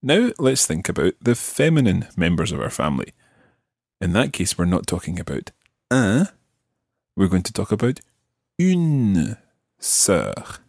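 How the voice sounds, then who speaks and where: Man, very low voice, lively intonation, patient teacher, dry studio sound. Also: gravelly, husky, dry recording. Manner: patient, modelling words slowly for repetition. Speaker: language teacher. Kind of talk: podcast language lesson.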